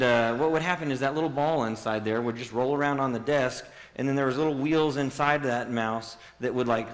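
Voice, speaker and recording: A man's voice: mid-range voice, fairly bright tone. A man in his thirties giving a casual youth sermon, joking and quizzing the audience. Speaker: youth speaker. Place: large hall with audience. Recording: long hall reverb.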